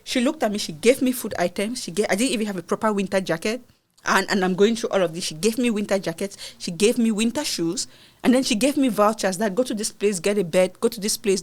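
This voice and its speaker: Woman, from Cameroon, podcast guest, earnest personal storytelling, expressive, mid-pitched voice. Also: brisk. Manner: earnest, expressive retelling of hardships.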